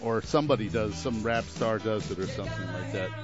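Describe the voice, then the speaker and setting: A man's voice: lowish voice, fairly quick. A young man from New Haven, Connecticut, hosting a radio show with rambling, jokey patter and bursts of singing along. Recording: dull lo-fi radio audio. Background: clear music.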